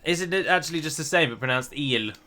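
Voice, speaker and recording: A man's voice: on the high side, fast, bright, forceful tone. A man commentating on his own strategy game play, chatty and self-deprecating, thinking his moves out aloud. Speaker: game streamer.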